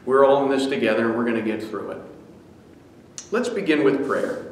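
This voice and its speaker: A man leading a noon devotion, giving announcements, prayer and a scripture reading in a relaxed, conversational way with frequent fillers. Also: medium pitch, normal speed, long pauses. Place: church. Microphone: livestream camera. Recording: echoey church hall.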